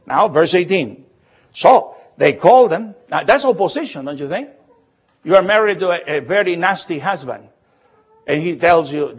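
A man with a high, lively voice preaches a sermon, emphatic and given to repeating himself, slowing down whenever he reads scripture. The recording is dull and lo-fi. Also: slightly rough. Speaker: pastor.

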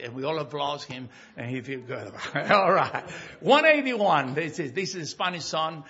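A man giving church announcements in a halting way with many fillers, telling stories with animation. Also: fairly high pitch, animated, pushed and bright, breathy edge, highs cut off. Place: church sanctuary.

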